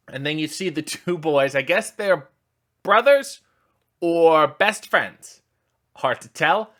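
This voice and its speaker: A man hosting a comedic trailer reaction, talking in a sarcastic, mocking way with deadpan asides. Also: on the high side, unhurried. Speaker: host reacting to a movie trailer.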